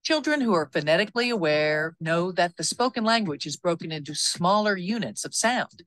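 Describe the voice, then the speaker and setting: A woman giving scripted, calm narration for an educational video. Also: fairly low pitch, normal speed, dry recording.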